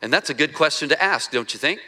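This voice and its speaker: A man preaching a sermon as pastor, talking conversationally, asking the congregation questions and acting out quoted lines, going soft and slow for scripture. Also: a little high, lively intonation.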